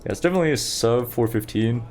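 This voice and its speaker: A man's voice: medium pitch, lively intonation, fast talker, darkish tone, a little hiss or hum. A young man streaming a game, chatting casually and rambling to his viewers while he plays. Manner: chatty, rambling, talks to chat while playing. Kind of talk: casual gameplay commentary.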